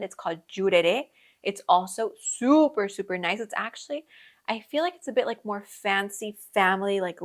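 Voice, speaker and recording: A young adult woman hosting a podcast, telling casual travel stories in a chatty way, with frequent laughs and lots of fillers. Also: mid-range voice. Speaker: podcast host. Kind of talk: casual storytelling.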